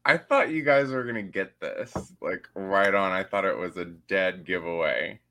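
A man's voice: sits low, normal speed, bright, forceful tone. A man on a casual chat panel, laid-back and drawling. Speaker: panel guest.

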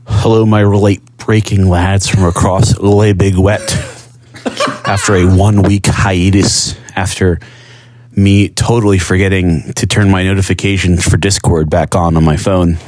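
Deep, slow-talking male listener. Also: little pitch movement, darkish tone. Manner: playful, jokey. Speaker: listener submitting a voice message. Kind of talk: recorded voice message.

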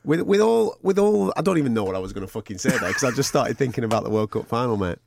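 Gravelly, fast-talking podcast host. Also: male voice, mid-range voice. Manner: sweary, excitable, laughs often. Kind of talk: casual sports chat. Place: podcast studio.

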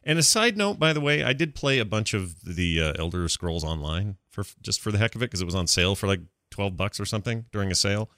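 A man co-hosting a casual gaming podcast, animated and self-deprecating, joking as he talks. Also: lowish voice, fast, hardly any pauses, dry recording, clean studio sound. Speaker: podcast co-host.

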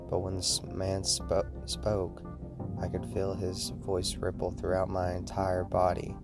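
Man, very deep voice, horror story narration, steady delivery, music underneath. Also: creaky. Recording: music playing behind the voice.

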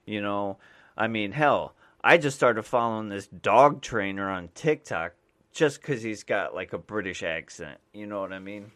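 Low-voiced rambling man, lively pitch. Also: measured pace. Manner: rambling, full of fillers and restarts. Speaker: podcast host, mailman. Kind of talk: rambling casual podcast talk.

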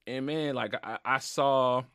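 A man speaking as a podcast guest, emotional and close to tears as he tells his story. He talks earnestly in casual slang at a middle pitch. The studio sound is dry and close. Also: unhurried, a bit bright, smooth, no echo. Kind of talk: heartfelt casual conversation. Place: recording studio.

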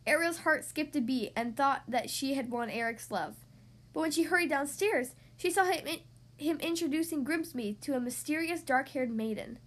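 Woman storybook narrator, high-pitched, steady read-aloud with occasional slips. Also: moderate pace. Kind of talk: storybook reading.

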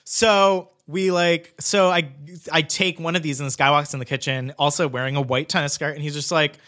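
Man, bright forceful voice, casual chat, rambling storytelling, lots of swearing. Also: a little high, fairly even intonation, fairly quick. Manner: rambling, heavy use of "like", swearing. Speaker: guest telling a story.

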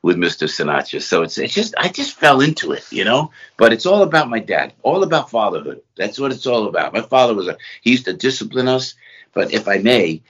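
A middle-aged man from New Jersey, a guest entertainer, telling rambling, animated anecdotes in conversation. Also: medium pitch, fairly quick, breathy edge. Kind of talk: conversational storytelling. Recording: slightly dull lo-fi sound.

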